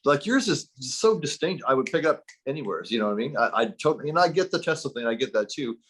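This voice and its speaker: A man's voice: medium pitch, big pitch swings, fast, a bit bright, husky. A man co-hosting a casual podcast, gushing like a fan in loose run-on sentences. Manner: enthusiastic fan, talks in loose run-on bits. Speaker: podcast co-host.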